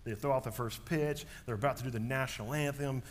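A man in his thirties preaches in a lively storytelling manner, dropping to near whispers and then rising sharply. His voice sits at an ordinary middle pitch. A faint hum of noise stays under his voice. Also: quick pace. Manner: animated storyteller, swings from hushed to loud. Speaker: pastor. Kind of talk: sermon with personal story.

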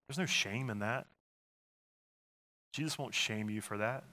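A man's voice: medium pitch, animated, unhurried, long pauses, sharp tone. A middle-aged man preaching a sermon to his congregation, using call-and-response and voicing Jesus' replies. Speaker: pastor.

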